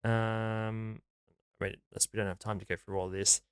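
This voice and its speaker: A man, co-hosting a podcast in casual chat, laid-back, swearing offhandedly and reading articles aloud haltingly. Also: fairly low pitch, flat delivery, clean tone, no echo, clean studio sound. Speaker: podcast co-host.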